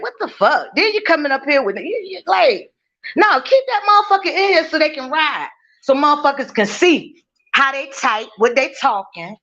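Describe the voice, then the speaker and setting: A woman hosts a relaxed kitchen livestream, cooking as she addresses her chat in blunt terms, cursing liberally and laughing often. Her high voice sounds pushed and bright. The recording is muffled.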